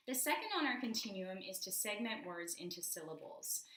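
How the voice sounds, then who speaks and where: A woman explaining how to teach children rhyme and sounds through storybook reading, reading lines aloud slowly and stretching the rhyming words. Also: medium pitch, animated, a bit bright. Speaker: literacy educator. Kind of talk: instructional demonstration with storybook reading. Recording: echoey room.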